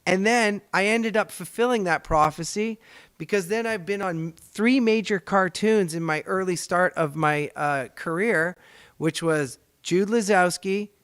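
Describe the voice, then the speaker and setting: A middle-aged man from Canada chats and rambles with animated energy as host of his own show. His voice is smooth and fairly high for a man. The sound is close and dry. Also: a little slow, no room sound. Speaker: podcast host and voice actor. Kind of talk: casual storytelling chat.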